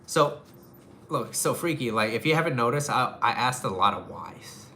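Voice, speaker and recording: A man's voice: mid-range voice, expressive, moderate pace, pushed and bright, a little hiss or hum. A man giving casual relationship advice to a live audience, talking frankly, swearing casually and repeating his phrases.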